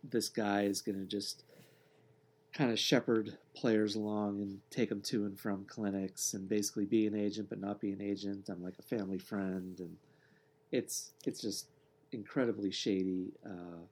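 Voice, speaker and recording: A man co-hosting a sports podcast with a husky, slightly low voice. He chats casually, relaxed and deadpan, with dry jokes. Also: moderate pace. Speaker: podcast co-host.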